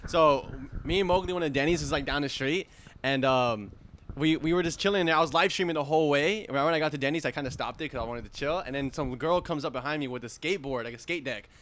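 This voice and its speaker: A young man talking quickly in loose, slang-heavy podcast chat. He swears freely and tells the story with excitable energy. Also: fairly high pitch. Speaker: podcast host. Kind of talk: casual chat.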